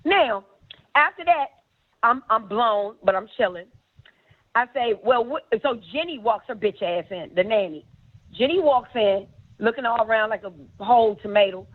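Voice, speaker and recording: A woman's voice: a little high, lively intonation, moderate pace. A middle-aged woman telling a story as an interview guest, blunt, profane and emphatic. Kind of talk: candid storytelling. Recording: tinny phone-like sound.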